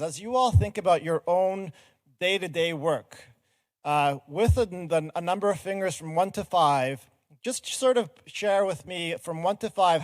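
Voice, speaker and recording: A man's voice: a little high, no echo. A middle-aged man giving an earnest, explanatory talk from a conference stage and engaging the audience directly. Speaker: conference speaker.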